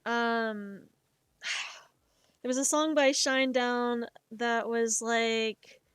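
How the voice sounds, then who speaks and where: A woman streamer chats casually while she works on her art, swearing freely and throwing herself into her stories. Her voice sits a little higher than most, and the close, dry mic leaves no room sound at all. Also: drawn-out words, pauses often, smooth, dry recording. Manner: swears freely, animated retelling with emotional outbursts. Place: home streaming setup.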